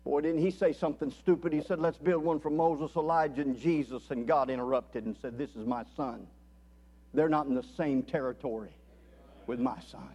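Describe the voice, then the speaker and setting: A man with a high, light voice preaches an impassioned sermon to a gathering of men. He drops to a hushed, intimate tone, then climbs into loud, pleading calls to his listeners. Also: brisk, husky, lo-fi sound. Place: conference hall.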